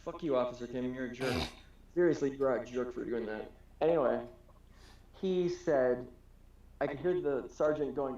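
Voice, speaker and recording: A man's voice: mid-range voice, normal speed, warm tone. A man from Wisconsin telling a rambling story in a casual podcast chat, swearing freely and acting out the people he quotes. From Wisconsin, USA. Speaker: podcast co-host. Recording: roomy, slightly dull home recording.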